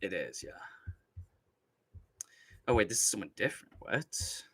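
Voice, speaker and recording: A man's voice: deep voice, sing-song, unhurried, a bit bright, husky, no room sound. A young man hosting a casual livestream, ranting and rambling with constant swearing and laughter while reading chat. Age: young adult. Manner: profane, rambling rants with frequent laughter.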